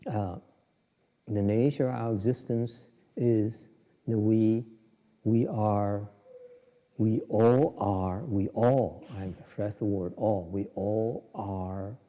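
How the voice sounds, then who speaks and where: A man giving an informal, joking dharma talk on meditation, with many restarts. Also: lowish voice. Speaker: Buddhist meditation teacher. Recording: dull lo-fi recording in a reverberant hall.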